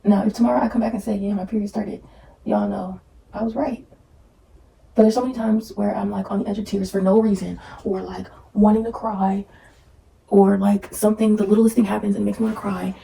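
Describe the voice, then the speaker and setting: A woman's voice: mid-range voice, little pitch movement, fairly quick, gravelly, mellow, roomy sound. A tired young woman, vlogging in casual, dramatic, self-mocking chat while painting at home, sometimes dropping to a whisper.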